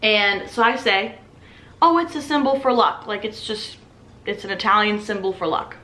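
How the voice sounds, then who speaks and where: A young woman in her twenties, a restaurant server, telling a story in a casual, animated way and acting out the voices of customers. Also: mid-range voice, moderate pace, echoey room.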